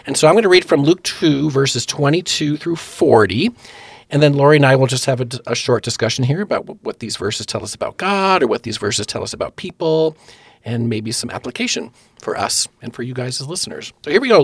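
A man's voice: medium pitch, expressive, brisk, creaky, breathy edge, no echo. A man hosting a casual devotional podcast, joking with his guest and reading scripture aloud. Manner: jokey, reads scripture aloud. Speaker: podcast host.

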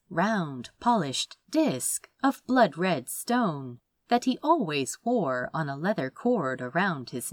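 A woman narrating a fantasy audiobook in a measured, expressive way. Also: fairly low pitch, dry recording.

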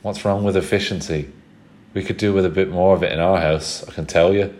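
A man's voice: low voice, steady tone, fairly quick, a little mellow, a little hiss or hum, close to an everyday voice. A man doing a puzzled, earnest teenage boy. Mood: cheerful.

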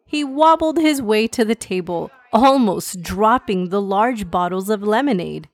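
Slow, gentle woman storyteller. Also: medium pitch, animated. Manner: gentle, warm-hearted storytelling for kids. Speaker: podcast host and storyteller. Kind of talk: children's story narration.

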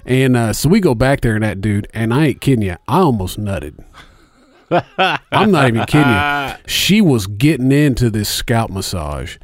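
A man's voice: medium pitch, sing-song, normal speed, no echo. Rambling, profane middle-aged man. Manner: rambling storyteller, heavy swearing, many fillers. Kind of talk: casual chat.

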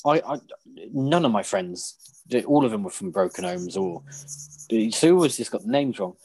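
A man's voice: lowish voice, lively intonation, normal speed, a little mellow, slightly rough. A man, chatting casually on a podcast, rambling and swearing with lots of restarts. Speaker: podcast co-host. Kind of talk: casual chat.

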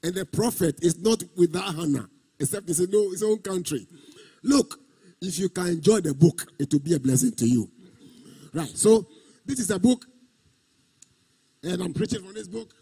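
Man, pastor, husky high voice, sermon, sung drawn-out emphasis, repeating phrases. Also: expressive, warm tone.

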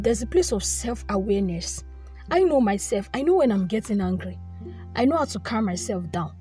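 Mellow-voiced woman teaching. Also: medium pitch. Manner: earnest, repeats phrases, light laughs. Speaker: devotional speaker. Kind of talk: informal devotional teaching.

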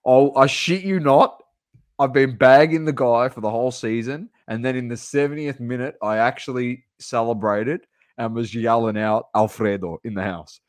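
A man's voice: mid-range voice, moderate pace, dry recording, clean studio sound. A man co-hosting a casual sports podcast, rattling off football scores and laughing often. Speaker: podcast co-host.

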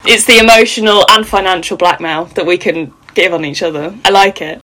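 A woman's voice: on the low side, fairly quick, low-quality recording. A woman co-hosting a podcast, chatting casually and telling stories with lots of laughter. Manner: animated, laughs often, jokey storytelling. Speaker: podcast co-host. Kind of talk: casual chat.

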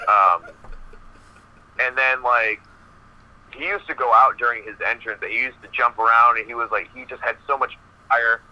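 Man with a bright, forceful voice. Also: medium pitch, dull audio. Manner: rambling, animated anecdote with many fillers. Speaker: professional wrestler, podcast guest. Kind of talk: casual storytelling in an interview.

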